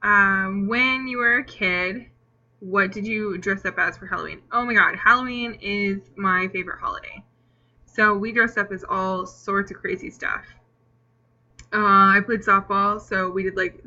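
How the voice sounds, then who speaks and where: A woman's voice: medium pitch, steady tone, a little slow, bright, forceful tone. Young woman doing a tag video, chatty and rambly, kinda hiccupy, muffled lo-fi cam sound. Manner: chatty, rambling with many fillers. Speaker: vlogger.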